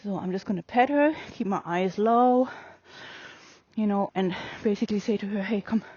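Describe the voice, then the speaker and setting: A woman horse trainer explaining her work with a mare in an open outdoor arena, calm and coaxing, with many fillers. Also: medium pitch, normal speed, no room sound, dull audio.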